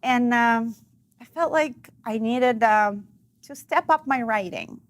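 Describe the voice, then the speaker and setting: A woman with a Russian accent, speaking in a somewhat high voice. She talks as a guest in a casual interview, telling stories in a chatty way and laughing often. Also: takes it slowly. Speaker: guest, actress and comedian.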